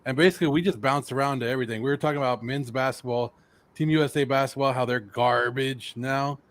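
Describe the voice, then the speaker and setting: A man hosting a casual sports round table, steering the talk in a relaxed way. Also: medium pitch, quick pace, no echo. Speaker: podcast host.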